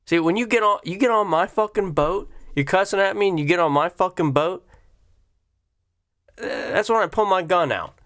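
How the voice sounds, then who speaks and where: A man with a somewhat raised voice hosting a reaction commentary. He rants in a sarcastic, blunt way and swears freely while breaking down a clip. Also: a little high. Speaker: commentary host.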